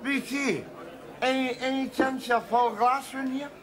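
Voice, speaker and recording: An actor playing a belligerent middle-aged drunk who rants and stammers in a sitcom. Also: male voice, very high voice, steady tone, unhurried, a crowd in the background. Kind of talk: TV sitcom acting.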